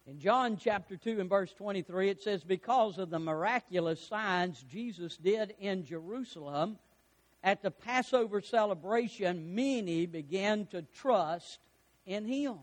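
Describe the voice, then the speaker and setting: A pastor preaching a sermon, fervent and rising to shouts, putting questions to the congregation. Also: male voice, sits high, measured pace.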